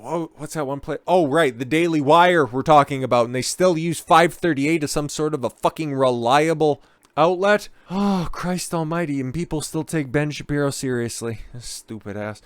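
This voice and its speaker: A man giving political commentary, reading poll articles aloud and breaking into profane, sarcastic rants with sudden loud outbursts. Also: on the high side, no echo, studio quality.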